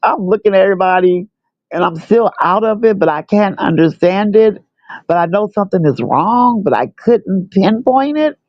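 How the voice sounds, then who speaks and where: A woman's voice: mid-range voice, normal speed, no echo, highs cut off. An older grandmother telling her own story casually, repeating herself and acting out what people said. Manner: animated, repeats herself, acts out quotes.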